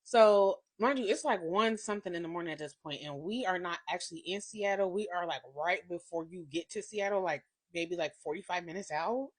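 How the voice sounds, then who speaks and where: A woman in her thirties telling a confession story on her vlog, animated and profane, swinging between hushed and loud. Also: on the low side, brisk, hardly any pauses. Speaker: vlogger.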